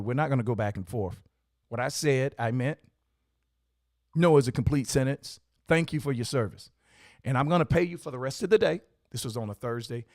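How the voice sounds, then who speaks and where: A man tells stories from his coffee shop and turns them into lessons, hammering points home with repeated phrases like a preacher. His pitch sits in the middle range. The recording is dry and close, with no room sound. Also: darkish tone, no echo. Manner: emphatic, repetitive, preacherly. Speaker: coffee shop owner and host. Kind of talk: motivational storytelling talk.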